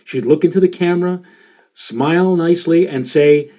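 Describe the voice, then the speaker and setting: A man in his sixties from the New York area, a meteorologist telling stories in a presentation and filling his pauses with many "uh"s. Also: fairly high pitch, mellow. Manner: rambling, with many filler sounds. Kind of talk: storytelling presentation. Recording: dull lo-fi sound.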